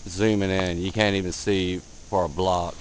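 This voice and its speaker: A man filming outdoors in a blizzard on a handheld camera, giving excited casual commentary, cold and a bit out of breath. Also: low-pitched, moderate pace, background noise. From Delaware, USA. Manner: excited, repeats himself, calls viewer man. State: out of breath, face numb from cold. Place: outdoors in a blizzard, wind and snow. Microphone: handheld camera mic.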